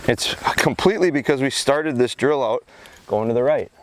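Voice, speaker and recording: A man explaining dog training drills out in a rural field, switching between calm explanation and short commands and praise. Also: mid-range voice, moderate pace. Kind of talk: outdoor training vlog, explaining while working the dog.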